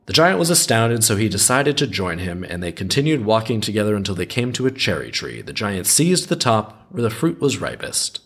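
A man's voice: on the low side, expressive, moderate pace, fairly bright tone. A man hosting a storytelling show, reading a folk tale aloud and breaking off for wry, skeptical, rambling asides. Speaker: podcast host reading folk tales. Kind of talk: storytelling with casual commentary.

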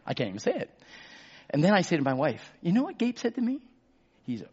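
A pastor preaching a sermon. He drops to a murmur, then shouts for emphasis and calls out to the congregation for amens. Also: very animated, fairly quick, long pauses, breathy edge, muffled recording. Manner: swings between low murmurs and loud shouted emphasis.

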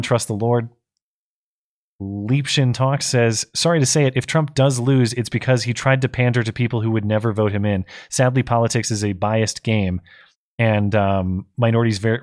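A man's voice: medium pitch, fairly even intonation, moderate pace, a little mellow. A man co-hosts a casual talk show, his voice tired and going. He reads out viewer messages and comments on them, stumbling and restarting as he thinks aloud. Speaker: co-host.

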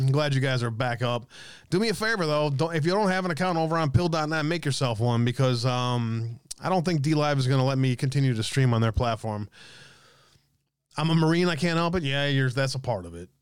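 A man hosting a livestream, chatting casually and reading comments from his viewers. He swears freely and jokes between remarks. The sound is dry and close, in a mid-pitched voice. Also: clean tone, no room sound. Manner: profane, jokey, reads chat comments aloud. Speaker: livestream host reading chat.

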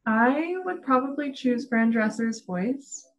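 A woman's voice: on the high side, slow, poor audio. A woman in casual chat, giggling often and talking with lots of fillers. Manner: giggly, chatty, many fillers.

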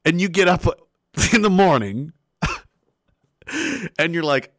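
A man hosting commentary in a sarcastic, animated way, laughing often. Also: fairly high pitch, slow pace, long pauses, no room sound, studio quality. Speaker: commentary host.

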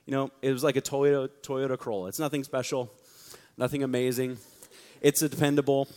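A man preaching to a young church audience in a joking, energetic storytelling way. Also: mid-range voice, fairly quick. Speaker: youth pastor. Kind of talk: sermon. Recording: long reverb of a large hall.

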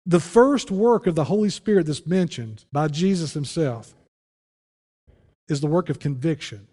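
A man preaching as pastor, earnest, often dropping low and quiet to press a point. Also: animated, measured pace, long reverb tail. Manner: earnest preaching, voice drops low and soft on key phrases. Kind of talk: sermon.

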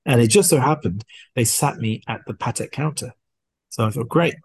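A man, a podcast guest, casually telling a story and acting out the dialogue in an animated way. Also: medium pitch, moderate pace, gravelly, husky, no echo. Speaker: guest watch collector.

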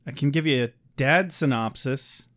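A man co-hosting a podcast in casual chat, joking and rambling through quick recaps. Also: medium pitch, a bit bright. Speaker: podcast co-host.

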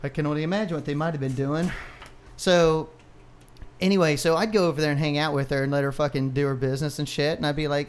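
Male podcast co-host, thirties, slightly high voice, loose profane storytelling, laughs a lot. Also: a little fast, clean tone. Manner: profane, rambling, laughs often. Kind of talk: casual storytelling.

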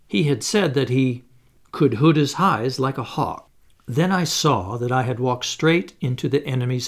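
A man narrating an audiobook in a measured storytelling manner. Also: medium pitch, vocal fry.

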